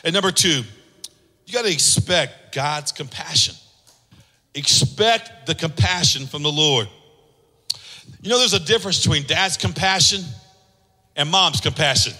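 A man's voice: on the high side, animated, unhurried, long pauses, pushed and bright. A man preaching a sermon with impassioned, sung-out lines, acting out voices in his stories. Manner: acts out voices in anecdotes. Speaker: pastor. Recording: long hall reverb.

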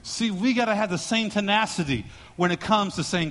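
A male pastor delivers an animated sermon, mixing jokes with storytelling. His voice is high and bright. A long reverb fills the sanctuary around him. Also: a little fast. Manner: storytelling, joking, animated preaching.

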